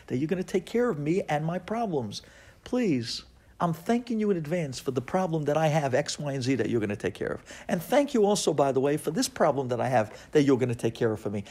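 A man, a rabbi, giving an impassioned sermon that swings from hushed to loud. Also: mid-range voice.

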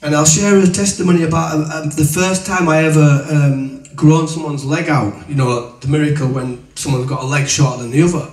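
Male preacher, higher voice, chatty storyteller, roomy sound from away from the mic. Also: fairly even intonation, fairly quick, hardly any pauses, recorded from a distance. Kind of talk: testimony and teaching. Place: room with an audience. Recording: echoey room, voice from away from the mic.

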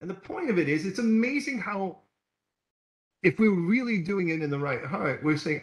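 Male pastor, slightly high voice, lively storytelling sermon, echoey church hall recording. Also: normal speed. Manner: storytelling preacher, acts out quoted voices.

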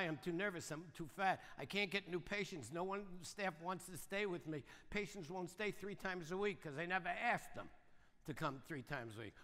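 An older man delivers a rapid, punchy motivational seminar talk, often tossing quick questions to the crowd. His voice is bright and forceful, a touch high for a man, and it rings out with the long reverb of a large hall. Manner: fast, punchy, keeps asking the audience "right?" and "yes or no?". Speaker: seminar speaker.

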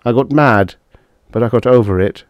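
A man's voice: medium pitch, normal speed, clean tone, dry recording, studio quality, pitched above the performer's own voice, natural voice. A man voicing a remorseful young husband who mutters between sobs.

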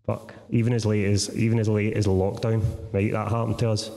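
A Scottish man who is a guest author, telling animated, sweary stories and asking "right?" a lot in a live podcast conversation on a theatre stage. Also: fairly low pitch, fairly quick, gravelly. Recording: reverberant theatre hall.

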